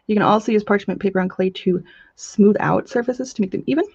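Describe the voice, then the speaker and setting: Woman, crafting host, casual live chat, bubbly and gushing, medium pitch, slightly dull recording. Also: a little mellow, slightly rough, no room sound. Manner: bubbly, chatty, quick gushing asides.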